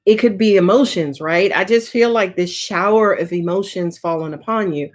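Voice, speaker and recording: A woman's voice: on the low side, moderate pace. Chatty, swearing woman tarot reader. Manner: casual, chatty, swears often, frequent "right?" and "um". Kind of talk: live tarot reading with viewer questions.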